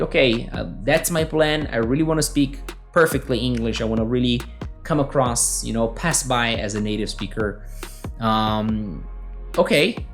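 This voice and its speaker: Man, English teacher, chatty podcast lesson, mid-range voice, soft music underneath. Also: medium pitch. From Brazil. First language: Portuguese. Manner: conversational, checks in with frequent tag questions.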